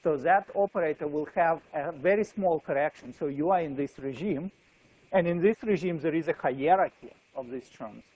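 A man's voice: fairly high pitch, moderate pace, a little mellow, lo-fi sound. A man giving a university physics lecture, thinking aloud with frequent fillers and restarts.

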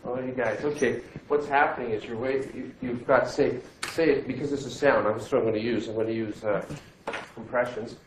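A male physics teacher giving a classroom lecture, lively and joking as he quizzes his students. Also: medium pitch, a little fast. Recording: echoey classroom, faint noise.

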